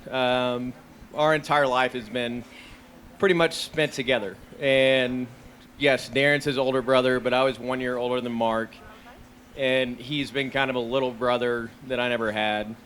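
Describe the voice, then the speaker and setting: A man's voice: medium pitch, fairly even intonation, moderate pace, fairly bright tone. Young man, heartfelt toast, faint background noise. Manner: heartfelt, laughing, with fillers. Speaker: friend giving a toast. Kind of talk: rehearsal dinner toast.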